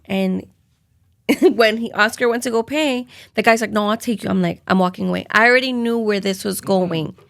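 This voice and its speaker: A woman's voice: medium pitch, moderate pace, vocal fry. A woman in casual chat, teasing and laughing as she recounts family stories. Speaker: family vlogger.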